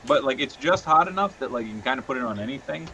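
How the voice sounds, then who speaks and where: Animated man hosting a livestream. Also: mid-range voice, highs cut off, a little hiss or hum. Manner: laughing, animated, quick asides. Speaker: stream host. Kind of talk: casual livestream chat.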